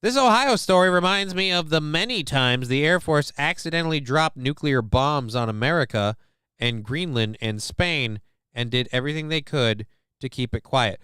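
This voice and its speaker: Sarcastic, profane streamer with a smooth voice. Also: male voice, fairly high pitch, lively intonation, normal speed, pushed and bright, no echo, studio quality. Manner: sarcastic, profane, joking asides. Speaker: livestream host. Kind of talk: casual commentary reading news to chat.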